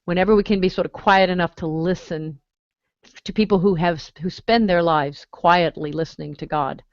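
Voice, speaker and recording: A woman music history teacher in a casual online chat, talking reflectively with halting restarts. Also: fairly low pitch, fairly even intonation, no echo. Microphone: video call. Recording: dull lo-fi video call audio.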